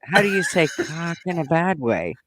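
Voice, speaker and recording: A woman's voice: on the low side, very animated, moderate pace, crowd noise. A woman chatting casually on a live stream over a call, playful and teasing.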